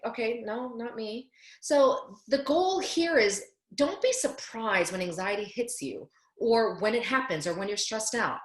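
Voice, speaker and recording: A woman's voice: on the high side, reverberant. Earnest woman giving a webinar talk. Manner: earnest, explanatory, with restarts and rhetorical questions. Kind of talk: webinar presentation on coping. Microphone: video call.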